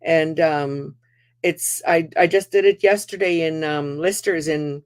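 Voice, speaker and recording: A woman hosting a community talk, telling lively personal stories and acting out the voices of the people in them. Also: sits low, a little slow, clear, resonant tone. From Canada. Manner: animated, laughing, acts out quoted voices. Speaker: host.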